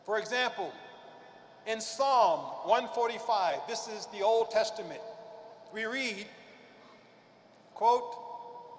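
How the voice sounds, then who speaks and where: A man giving a prepared religious speech at a convention, speaking emphatically and slowing down to stress key phrases. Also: very high voice, slight background noise. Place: large convention hall. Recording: echoey hall with long reverb.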